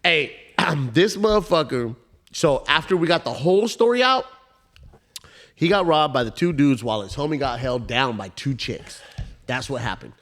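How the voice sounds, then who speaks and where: A man's voice: on the high side, moderate pace. A young man telling a story on a casual podcast, swearing freely and acting out every line of the dialogue. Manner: profane, animated storyteller acting out both sides of the dialogue. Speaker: podcast co-host.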